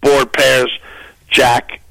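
Gravelly, profane male comedian. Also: mid-range voice, very slow, dry recording, poor audio. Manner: profane, animated storyteller. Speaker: guest comedian and actor. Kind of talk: casual podcast interview.

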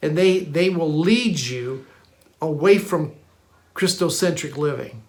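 A preacher in the middle of a sermon, pressing each point home with emphatic repetition. The voice sits at a middling pitch and stumbles over restarts. It speeds through some phrases and draws others out slowly. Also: lively intonation, a little mellow. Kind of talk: sermon teaching.

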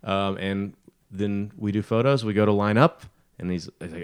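A man's voice: fairly low pitch, moderate pace, smooth. A man, co-host of a podcast, telling a long personal story in casual chat, with a joking manner. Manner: joking storyteller, lively retelling.

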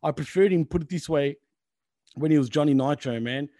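A man's voice: fairly high pitch, brisk, mellow, no echo, clean studio sound. A man, chatting casually as a podcast co-host, swearing often and joking with a laugh. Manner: profane, laughing, joking banter. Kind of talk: casual chat.

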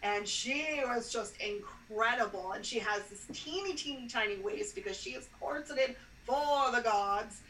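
A woman with a bright, fairly high voice chats as a podcast guest, full of enthusiasm and quick restarts. She sounds far from the mic in an echoey room. Faint noise hums behind her. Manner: chatty, enthusiastic, trails into restarts. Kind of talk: casual chat.

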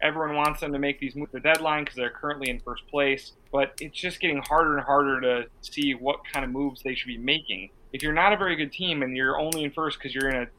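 A man's voice: mid-range voice, steady tone, fast, few pauses, bright, forceful tone, a little hiss or hum, rough recording. A man hosting a casual sports podcast, steering topics and giving blunt opinions. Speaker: podcast host.

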